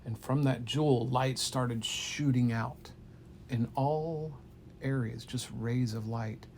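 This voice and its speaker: A man improvising a bedtime story for a child, animated and playful, at times dropping to a hush. His mid-pitched voice has a gravelly texture. Faint noise sits behind him. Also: slow pace. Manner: animated, playful, drops to hushed tones.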